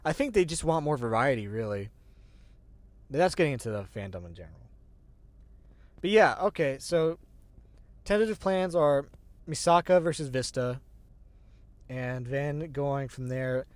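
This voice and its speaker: An agender streamer hosting a show rambles through casual livestream chat in a mid-range, slightly mellow voice with no room sound. They swear casually, laugh a lot, make fun of themselves and often restart sentences.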